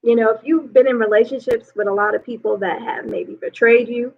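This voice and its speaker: A woman's voice: fairly high pitch, steady tone, brisk, creaky. A woman life coach giving relationship advice in a loose, conversational way, often saying "you know". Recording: tinny phone-like sound.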